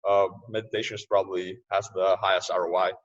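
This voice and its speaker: A man speaking as a podcast guest in casual interview talk, loose and quick to laugh, often restarting his sentences. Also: deep voice, little pitch movement. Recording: distant, muffled remote audio.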